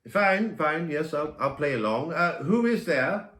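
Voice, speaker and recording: A man's voice: fairly high pitch, lively intonation, unhurried, fairly bright tone, reverberant, recorded from a distance. A man playing a polite, flustered doctor, hesitant and full of ums and uhs.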